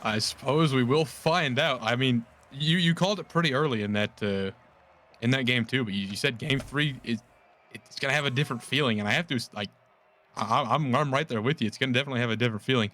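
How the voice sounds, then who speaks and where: Mid-pitched male caster, voice worn from yelling, hyped and quick. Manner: hyped, fast, repeats words when excited. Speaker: esports co-caster. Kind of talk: live esports play-by-play commentary.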